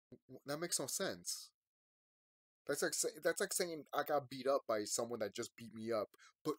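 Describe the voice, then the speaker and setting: Casting: sleepy man, late-night rambling vlog rant, plain mid pitch, dry close sound. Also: sing-song, normal speed, pauses often, slightly rough, no echo. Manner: rambling, swings from quiet and tired to loud and ranting. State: sleepy, yawning. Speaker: vlogger. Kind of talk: late-night emotional monologue to viewers.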